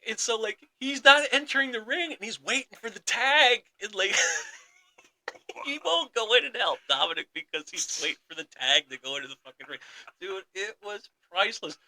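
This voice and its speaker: A young man co-hosting a sports podcast, excitedly retelling a wrestling story in casual chat and acting out the quotes. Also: high voice, moderate pace, rough recording. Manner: excited storytelling, acts out quotes, laughs often. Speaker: podcast co-host.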